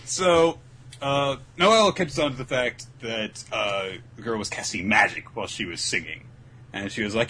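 A man's voice: medium pitch, normal speed, pushed and bright, a little hiss or hum, low-quality recording. A man hosting a casual manga recap podcast, summarizing chapters in a dry, mock-exasperated way. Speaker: podcast host.

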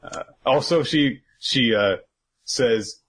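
A man's voice: fairly low pitch, unhurried, a bit bright, husky, rough recording. A man co-hosting a podcast, casually recapping an episode in a rambling way, with lots of fillers and freely dropped swear words. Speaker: podcast co-host.

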